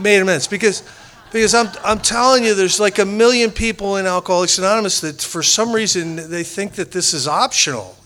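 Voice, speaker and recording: A man's voice: high voice, pushed and bright. A man sharing his personal recovery story with a meeting group, rambling and self-deprecating, with frequent restarts.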